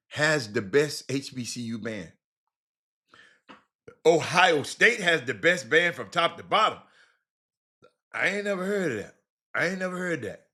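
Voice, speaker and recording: A man hosting a casual live stream, reading viewer comments and talking animatedly, jumping from shouts to mutters and repeating himself. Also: medium pitch. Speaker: host reading live chat.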